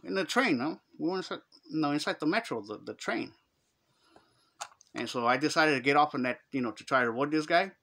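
This middle-aged man's voice sits fairly high, sounding animated, pushed, and bright as he talks a little fast. He has a Chicano Los Angeles accent and relates a story in slangy street language, acting out what people said.

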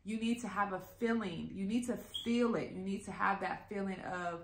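A woman telling a story to her viewers in a casual, animated and profane way, acting out the quotes. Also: mid-range voice, moderate pace, slight background noise. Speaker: vlogger. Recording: echoey room.

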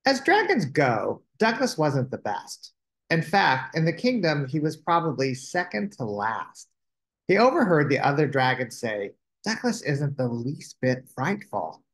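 A man hosting a children's storytime, reading a picture book aloud with expressive delivery. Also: a little high, unhurried.

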